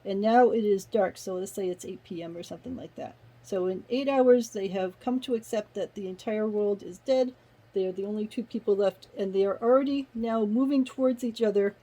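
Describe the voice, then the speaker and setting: A woman's voice: mid-range voice, dark tone, poor audio. A woman giving a casual spoken review of a short story, retelling the plot conversationally with personal asides. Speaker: book reviewer.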